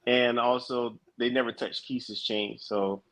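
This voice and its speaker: A man's voice: medium pitch, steady tone, a little slow, fairly bright tone, poor audio. Insistent man setting the record straight. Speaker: panelist. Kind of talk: live-stream panel talk.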